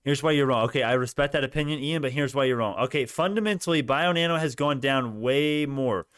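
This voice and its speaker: A young man hosting a stock market livestream, talking straight to his chat viewers with lots of restarts and growing excitement. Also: medium pitch, a little fast, clean tone, no room sound, clean studio sound. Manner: animated, talks to chat viewers, many restarts, rising excitement. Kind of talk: excited live market commentary.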